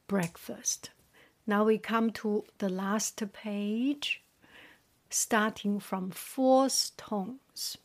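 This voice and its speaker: A woman with as her leads a quiet drill at an unhurried crawl. Her voice sits at an ordinary middle pitch and often sinks to a breathy whisper. She says every word twice with a steady, patient rhythm before giving its meaning. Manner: very slow, repeats each word twice then translates; often drops into a soft whisper. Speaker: language teacher. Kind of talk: soft whispered tone-drill lesson.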